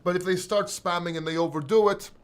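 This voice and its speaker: Brief: blunt, chatty male livestream host, high-pitched, reads chat aloud, swears casually. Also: fairly even intonation, fast talker. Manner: talkative, blunt, swears freely.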